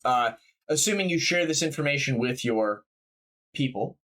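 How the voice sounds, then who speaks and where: A man's voice: medium pitch, animated, moderate pace, fairly bright tone. A man running a tabletop game as game master, talking casually with fillers. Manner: casual, rambling, many fillers.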